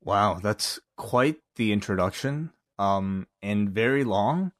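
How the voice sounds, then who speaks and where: A man with a fairly low voice co-hosts a podcast. He chats casually and drops dry, wry remarks. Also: animated, slow. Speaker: podcast co-host.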